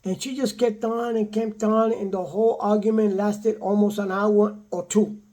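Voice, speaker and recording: An older man casually telling a personal story in a repetitive, animated way, quoting the people in it. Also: sits high, normal speed. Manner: repetitive, animated retelling with acted quotes. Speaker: vlogger telling his own story.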